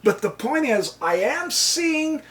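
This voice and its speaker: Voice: high-pitched, sing-song, slow, fairly bright tone, recorded from a distance. A chess channel host giving casual commentary on their own game, chuckling often and exclaiming with delight at the opponent's moves.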